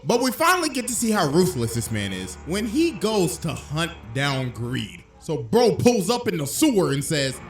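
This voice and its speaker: A man hosts an anime reaction video, piling on slangy, profane jokes with laughing asides. His voice sits high and leaps around in pitch. The sound is roomy and echoey, with music running underneath. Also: huge pitch swings, moderate pace, hardly any pauses. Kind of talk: comic anime reaction commentary. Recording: roomy echo with music behind.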